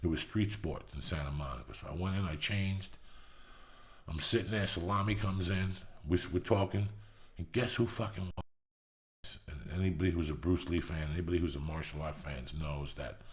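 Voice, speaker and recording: A middle-aged man hosting a podcast, telling a long story with constant swearing and rising excitement. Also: sits low, moderate pace, roomy sound. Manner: profane, animated storytelling. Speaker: podcast host. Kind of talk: storytelling monologue.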